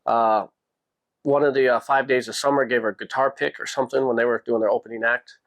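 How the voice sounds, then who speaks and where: A man hosting a podcast, telling a personal story in a casual, animated way and jumping his pitch up when he quotes people. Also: quick pace. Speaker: podcast host.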